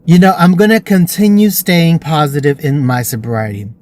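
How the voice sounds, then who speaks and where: A man's voice: a little high, big pitch swings, moderate pace, darkish tone. Earnest man telling a personal story. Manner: earnest and emotional. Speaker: vlogger.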